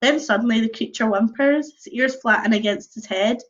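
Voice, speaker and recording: A young woman reading a choose-your-own-adventure book aloud on a livestream, mixing lively narration with casual chatty asides. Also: fairly high pitch, moderate pace. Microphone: computer or phone mic on a video stream. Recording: dull lo-fi livestream audio.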